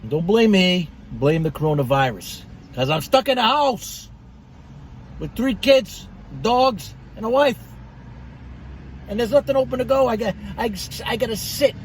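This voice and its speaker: A man's voice: sits high, lively intonation, unhurried, slight background noise, poor audio. A middle-aged man reviewing cigars in a blunt, profane, rambling monologue.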